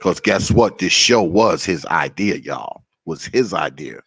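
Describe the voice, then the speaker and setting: A man's voice: deep voice, expressive, measured pace, slightly rough, no room sound, clean studio sound. A man hosting a casual livestream, greeting viewers by name with a profane, laughing, loose manner. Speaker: livestream host.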